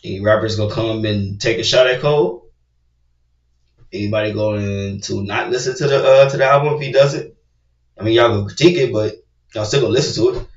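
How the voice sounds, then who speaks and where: A man hosting a casual reaction video, talking loosely and cursing, repeating "bro, come on" as he gets excited. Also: fairly low pitch, fairly quick, recorded from a distance. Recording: roomy, dull sound from away from the mic.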